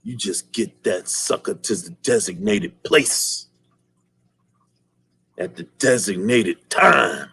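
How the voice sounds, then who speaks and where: A man voicing a menacing male martial arts villain who speaks in a slow, low, threatening drawl. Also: gravelly, fairly bright tone, slightly rough, no echo, exaggerated voice.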